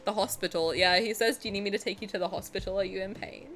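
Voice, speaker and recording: A woman's voice: mid-range voice, fairly even intonation, quick pace, a bit bright, faint music behind. A young woman streamer chatting casually with her viewers as she reacts, gushing and often breaking into laughter.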